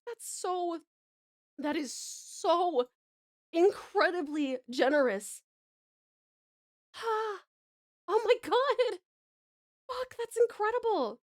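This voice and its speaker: A woman's voice: very high-pitched, dry recording, clean studio sound. A woman, chatting on a live stream, gushing thanks with lots of swearing and restarts. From Tasmania, Australia.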